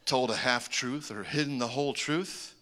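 A man in his forties preaching a sermon as a humorous, animated story, often chuckling between lines. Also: medium pitch, moderate pace. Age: 40s. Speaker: pastor.

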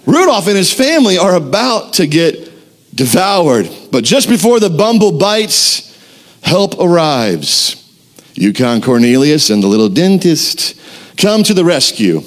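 Animated pastor telling a story. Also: male voice, fairly high pitch, a little slow. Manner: animated storytelling, acts out quotes. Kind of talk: sermon.

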